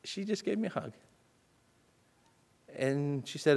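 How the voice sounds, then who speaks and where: Brief: male preacher, slightly high voice, animated storyteller who swings from urgent to hushed. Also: slow, gravelly, pauses often. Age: adult with children. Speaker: pastor. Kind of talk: storytelling sermon.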